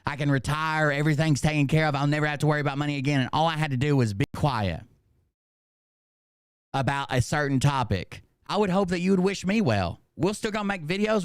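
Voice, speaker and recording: A middle-aged man streaming an unscripted commentary rant, swearing freely and arguing straight at his chat. His voice sits a little high for a man and comes across dry and close, with no room sound. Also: clean tone, dry recording. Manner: profane, emphatic, talks to chat directly.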